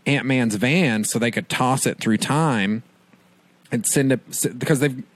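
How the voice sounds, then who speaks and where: A man casually retelling a film's plot as a reviewer, rambling and animated with lots of fillers. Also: mid-range voice, dry recording. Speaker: movie reviewer. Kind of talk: casual spoiler recap of a film.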